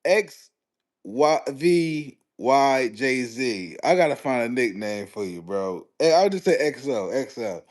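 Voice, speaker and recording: Young male streamer, mid-pitched voice, slangy and animated, reacting to chat. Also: slow. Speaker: live streamer. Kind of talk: casual livestream sports commentary.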